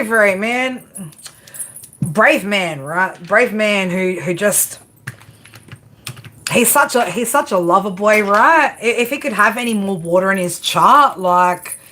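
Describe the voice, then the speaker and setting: A woman's voice: mid-range voice, bright, forceful tone. A woman hosting a live tarot stream, chatting casually and affectionately with viewers, often repeating herself and adding "right?".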